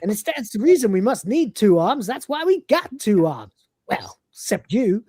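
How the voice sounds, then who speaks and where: A woman's voice: a little high, very animated, moderate pace, warm tone, breathy edge, dry recording, studio quality, voice pushed up. A woman voicing a vain, thoughtless male humanoid cat who brags in a brash, raised voice. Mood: smug.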